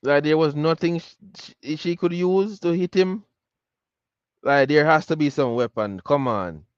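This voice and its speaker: A man hosts a podcast and reacts to a clip in casual talk, with a smooth, slightly high voice. He leans on "like" as he works through his thoughts. The sound is dry and a bit dull. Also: unhurried, no room sound. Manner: filler-heavy, keeps saying "like". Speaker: podcast host. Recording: dull lo-fi audio.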